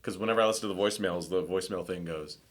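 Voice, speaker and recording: A man co-hosting a podcast, chatting casually in a relaxed, chatty way. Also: low-pitched, rapid-fire. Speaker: podcast co-host. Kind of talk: casual chat.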